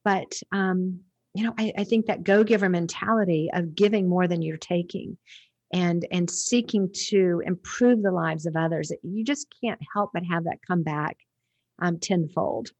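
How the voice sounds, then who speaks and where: A woman's voice: fairly low pitch, measured pace, darkish tone, no room sound, dull audio. A woman guest on a podcast interview, talking in a reflective, rambling way with restarts.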